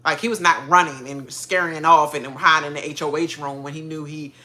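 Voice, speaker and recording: A woman hosting a reality show reaction, ranting in casual chat, animated and often laughing. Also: sits low, a little fast. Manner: animated, laughing, mocking quoted voices.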